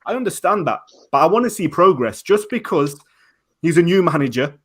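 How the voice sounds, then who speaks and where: A man with a somewhat high voice argues his point in a casual debate. He rants with heat and frustration, stacking up rhetorical questions as a fan pundit. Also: lively intonation, brisk.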